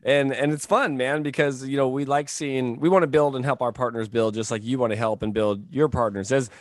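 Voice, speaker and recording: Energetic man hosting a podcast, dry sound. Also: mid-range voice, no echo. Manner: energetic, talks fast with many fillers and rhetorical "right?". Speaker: podcast host. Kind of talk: casual industry podcast chat.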